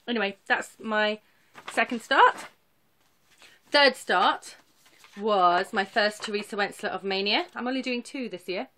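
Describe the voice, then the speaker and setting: A chatty, rambling woman vlogger who does cross-stitch gives a casual show-and-tell. Her mid-range voice has a sharp tone and a measured pace, and her manner is self-deprecating.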